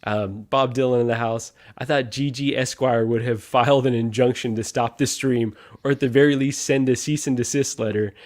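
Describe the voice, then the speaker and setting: A man's voice: medium pitch, steady tone, normal speed, few pauses. A man hosting a casual live stream, upbeat, greeting viewers one by one and chatting with co-hosts.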